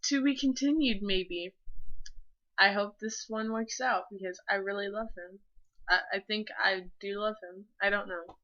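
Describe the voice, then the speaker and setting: A woman's voice: medium pitch, little pitch movement, measured pace, pushed and bright, muffled recording. A teenage girl chatting casually to her viewers in a rambling, gushing way, full of filler words and the odd swear word. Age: teens. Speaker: vlogger. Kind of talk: casual chat.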